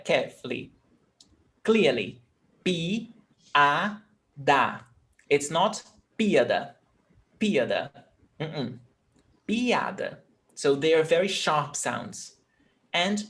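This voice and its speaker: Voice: medium pitch, a bit bright. An adult Portuguese teacher running a live online class, patiently repeating and sounding out words and switching between English and Portuguese.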